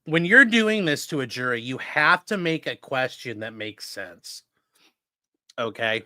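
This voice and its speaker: Bright, dry-voiced lawyer explaining trial tactics. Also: male voice, mid-range voice, lively intonation, measured pace, no room sound. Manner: explanatory, coaching tone. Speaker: defense attorney commentator. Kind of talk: legal commentary.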